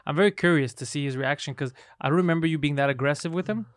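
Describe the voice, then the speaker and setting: A man co-hosting a podcast, telling stories quickly and profanely and acting out what people said. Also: on the high side. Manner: fast, profane storytelling with acted-out quotes. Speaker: podcast co-host. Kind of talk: casual podcast banter.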